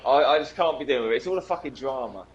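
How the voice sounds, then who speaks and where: A man's voice: mid-range voice, racing, lo-fi sound, over a noisy crowd. A young man chatting casually on a game stream, swearing and laughing through his stories. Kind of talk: casual chat.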